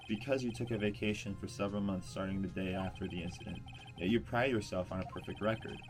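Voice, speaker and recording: A man's voice: deep voice, fairly even intonation, fast. A man voicing a determined young defense attorney who presses his case earnestly. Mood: pressing. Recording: voice over loud background music.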